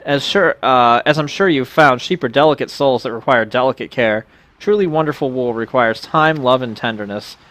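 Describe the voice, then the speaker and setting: Man doing fussy farmer, punny, mid-pitched, slightly theatrical, game lines read aloud. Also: moderate pace, a bit bright, dry recording, lightly acted. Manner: punning, a little theatrical. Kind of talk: reading game dialogue aloud.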